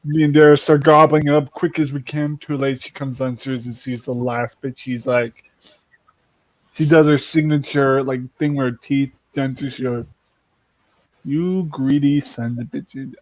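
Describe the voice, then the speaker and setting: A man's voice: mid-range voice, little pitch movement, moderate pace, dry recording. A man from Ireland telling a rambling, laughing anecdote as a livestream host, acting out the voices in it. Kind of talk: casual storytelling on a livestream.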